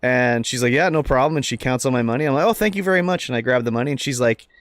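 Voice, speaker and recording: A man's voice: mid-range voice, very fast, no room sound. A Canadian man with a Canadian accent chatting casually while streaming a game, joking and dropping profane asides.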